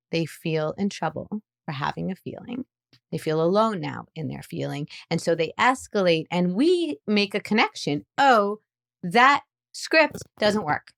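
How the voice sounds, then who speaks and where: A woman, a psychologist guest on a podcast interview, explaining parenting in an animated way. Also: on the low side, creaky, no echo, studio quality. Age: adult parent. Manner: animated explainer who acts out playful lines.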